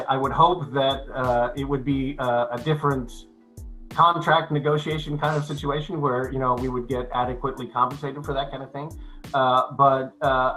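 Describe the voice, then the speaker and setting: Older male actor guest, bright forward tone, halting with restarts, faint music bed. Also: mid-range voice, low-quality recording. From United States. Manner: halting, many restarts and fillers, then clear and measured. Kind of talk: casual interview chat.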